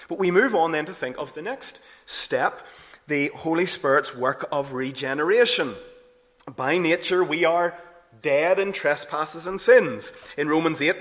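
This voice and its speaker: A man preaching a sermon earnestly, rising to emphatic peaks and then dropping low and soft. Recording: long hall reverb.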